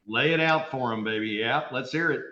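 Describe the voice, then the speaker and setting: A man's voice: mid-range voice, fairly quick, bright, forceful tone. A man hosting a live interview, asking casual questions and encouraging his guest. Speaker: host. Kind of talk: live video call interview. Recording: dull lo-fi sound in a roomy space.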